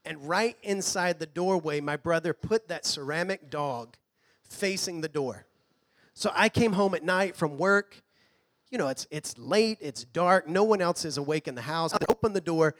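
A man preaching a sermon in a church, earnest, sometimes dropping to a hush. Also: a little high, normal speed. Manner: earnest preaching, drops to a hush on quoted lines. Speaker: pastor. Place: church hall.

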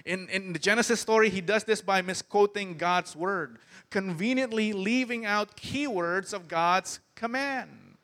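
Bright, high-voiced male preacher. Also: a little slow, hardly any pauses. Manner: emphatic, asks the crowd questions. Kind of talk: sermon.

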